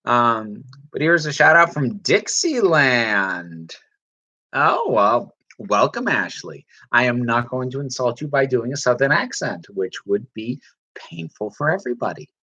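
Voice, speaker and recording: Trans woman host, chatty and rambling, lively bright voice, lo-fi stream sound. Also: very deep voice, a little slow, breathy edge. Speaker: livestream host reading chat. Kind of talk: casual chat.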